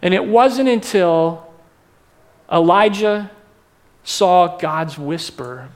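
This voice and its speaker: A man's voice: sits high, slow, pauses often. A male pastor preaching a sermon in a conversational way, asking the congregation questions.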